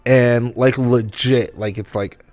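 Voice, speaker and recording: A man's voice: mid-range voice, fairly even intonation, takes it slowly, darkish tone, no room sound, soft background music. A young man co-hosting a podcast, chatting casually, swearing and laughing often. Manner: laid-back, swears freely, laughs often. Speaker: podcast co-host. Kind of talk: casual chat.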